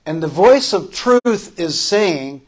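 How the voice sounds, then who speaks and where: A man preaching a sermon as pastor, his voice sitting a little high for a man. He takes his time, leaving space between phrases. He repeats lines for emphasis and swings from loud calls to soft, tender words. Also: animated, slow pace.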